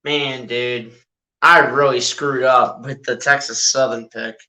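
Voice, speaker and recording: A man giving casual fan-style live play-by-play of a basketball game, chatty and excitable, often tossing in "dude". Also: mid-range voice, slow pace. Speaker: streamer doing live play-by-play.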